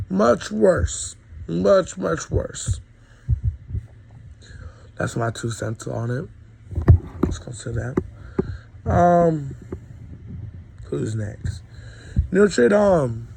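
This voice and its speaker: A man's voice: mid-range voice, creaky, noisy background. A young man with a cold giving a rambling, opinionated college football recap, full of ums. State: sick, coughing. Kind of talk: casual sports recap monologue.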